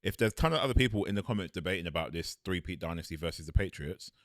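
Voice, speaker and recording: A man's voice: sits low, expressive, very fast, no echo, studio quality. A man co-hosting a casual sports chat. He is laid-back and agreeable and laughs easily. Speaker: co-host.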